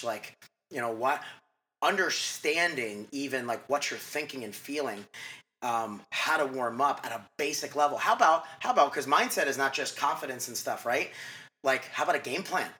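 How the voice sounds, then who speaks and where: Bright-voiced fast-rambling man. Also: mid-range voice. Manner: fast, rambling, lots of "like" and restarts. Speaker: mindset coach guest. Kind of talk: casual interview chat.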